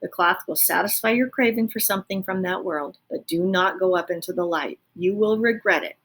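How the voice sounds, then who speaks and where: A woman voicing a domineering male rat who lectures another rat, loud and insistent. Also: mid-range voice, brisk, lightly acted. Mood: lecturing.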